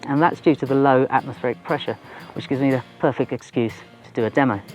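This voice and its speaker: Man, science teacher, documentary presenter, chatty and informal, mid-pitched voice, faint music behind. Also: fairly even intonation, quick pace, dull audio. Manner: chatty, informal, self-deprecating. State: a bit out of breath. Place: outdoors on a mountain top.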